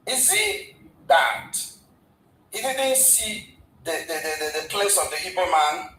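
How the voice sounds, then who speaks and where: A man's voice: high-pitched, big pitch swings, slow, sharp tone, echoey room, slight background noise, rough recording. A man, a guest in a casual discussion, who stumbles and repeats words as he retells history at length. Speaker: guest commentator.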